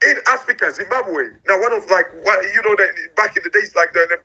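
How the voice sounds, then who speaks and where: A man's voice: high voice, fairly quick, sharp tone, husky, lo-fi sound. A man with a Sierra Leonean Krio-English accent, speaking emphatically in a political chat and often hunting for words. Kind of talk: casual political discussion.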